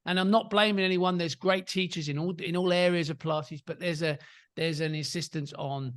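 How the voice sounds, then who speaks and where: A male podcast host whose voice sits somewhat high for a man. He responds to his guest in a casual, reflective way, thinking aloud and restarting his phrases now and then. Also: fairly even intonation, a little fast, fairly bright tone. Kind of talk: casual interview chat.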